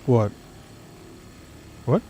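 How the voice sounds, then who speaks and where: A man's voice: drawn-out words, warm tone, slight background noise. An American man chatting casually while playing a game, easygoing and rambling. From United States. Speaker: streamer. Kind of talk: casual gaming chat.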